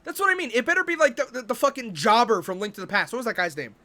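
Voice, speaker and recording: A male streamer in a profane, exasperated rant, his voice sitting high and swinging wildly up and down. The tone is bright and sharp. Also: big pitch swings, very fast. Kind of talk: casual stream rant about games.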